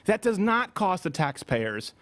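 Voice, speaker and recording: A man hosting a political commentary show from a studio, with an animated, mocking delivery. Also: sits high, measured pace. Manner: animated, mocking, breaks into shouted impressions. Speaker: talk show host.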